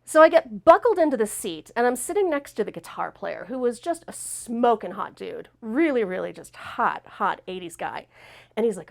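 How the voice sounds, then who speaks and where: A woman host tells a wild story from her own past on a talk show. She is lively and acts out the people she quotes. Her voice sits in a middle pitch. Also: moderate pace, creaky.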